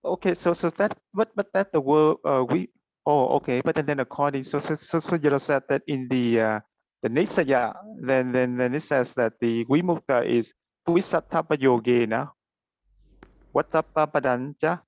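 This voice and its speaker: Gravelly halting male student. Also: medium pitch, darkish tone, dry recording, lo-fi sound. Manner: halting, many restarts.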